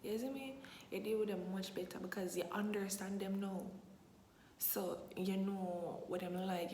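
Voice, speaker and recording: A woman's voice: mid-range voice, a little mellow. A young woman, chatting animatedly and emphatically in a casual Q&A vlog, repeating phrases for effect. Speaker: vlogger. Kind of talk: casual Q&A monologue. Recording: echoey room with long reverb, faint hiss.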